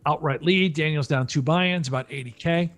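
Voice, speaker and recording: A man's voice: on the high side, moderate pace, fairly bright tone, soft background music. A man commentating a live poker stream, chatty and joking, thinking aloud between hands.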